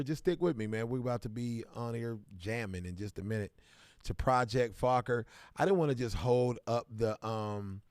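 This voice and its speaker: A man's voice: medium pitch, a little mellow, smooth, no echo, studio quality. A man from Kansas City, hosting a casual livestream and greeting viewers by name in bursts of hype. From Kansas City, American Midwest. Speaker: livestream host.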